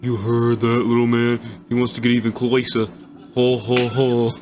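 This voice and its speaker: A man's voice: medium pitch, completely flat delivery, normal speed, over music, lightly acted. A man voicing a sneering teenage bully. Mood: taunting. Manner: taunting, sneering. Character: mocking teenage boy bully. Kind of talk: video game cutscene voice.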